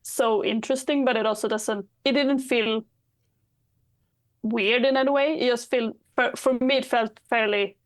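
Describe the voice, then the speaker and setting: A woman's voice: a little high, steady tone, normal speed. A woman guest on a podcast, chatting casually and thinking aloud with frequent hedges. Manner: thoughtful, hesitant, hedging. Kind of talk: casual chat.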